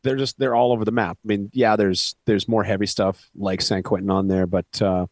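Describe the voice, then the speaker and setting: A man with a lowish voice tells stories in a relaxed interview. He jokes at his own expense and keeps things casual. The sound is dry and close. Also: a little fast, no echo. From Canada. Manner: joking, self-deprecating storyteller. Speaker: band vocalist, guest.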